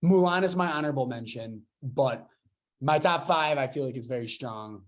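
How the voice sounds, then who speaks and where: A young man in his twenties hosts a casual podcast chat, full of enthusiasm. His voice sits at an ordinary middle pitch. He rambles, tripping over restarts as he gets excited. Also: normal speed. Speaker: podcast host.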